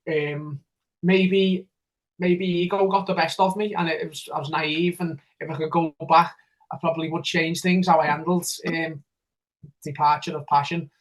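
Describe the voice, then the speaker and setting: A man's voice: a little high, steady tone, normal speed, poor audio. A man, a DJ, telling his story in a casual podcast interview in an eager, rambling way with many restarts. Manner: rambling, repeats himself, eager. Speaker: DJ and radio presenter.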